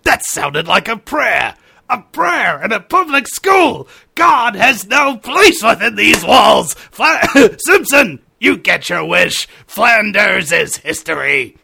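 A man voicing an older male school superintendent who shouts in outrage. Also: high voice, big pitch swings, slow, vocal fry, husky, pitched above the performer's own voice, full character voice. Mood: outraged. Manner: loud and indignant.

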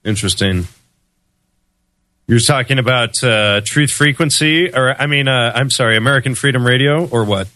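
Bright-voiced man as a chatty radio guest. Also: mid-range voice, moderate pace, no echo. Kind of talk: conversational interview answers.

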